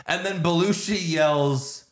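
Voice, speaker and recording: A man casually retelling a movie plot, animated and quick to laugh. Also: on the high side. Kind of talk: casual movie recap chat.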